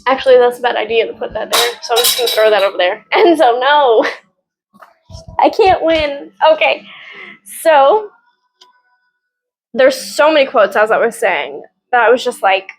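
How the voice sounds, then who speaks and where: A woman's voice: a little high, low-quality recording. A woman reviewing books in a casual, rambling chat at home, gushing about what she read and swearing now and then. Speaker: book reviewer.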